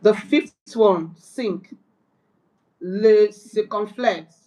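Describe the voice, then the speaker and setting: In a rough recording with a little hiss or hum, a woman speaks very slowly in a warm, mid-range voice. She's a French beginner going over accent rules and repeating words carefully after her tutor.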